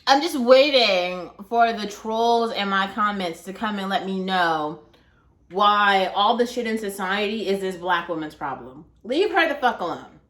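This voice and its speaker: A young woman vlogger telling a story in a chatty, animated way, filling her talk with "like". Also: medium pitch, measured pace. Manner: chatty, heavy use of "like", animated. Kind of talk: casual storytelling. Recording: echoey room.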